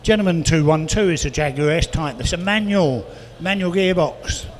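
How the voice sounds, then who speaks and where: Auctioneer calling bids rapidly. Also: male voice, fairly high pitch. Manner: rapid bid calling with chatty asides. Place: auction hall, indoors. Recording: reverberant hall with faint noise.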